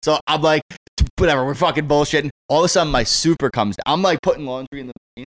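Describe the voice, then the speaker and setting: A man with a somewhat higher voice tells a story casually. He swears freely and laughs often. He slips into loud, exaggerated voices when quoting people. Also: very fast. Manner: animated, acts out quotes in raised voices. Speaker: podcast co-host.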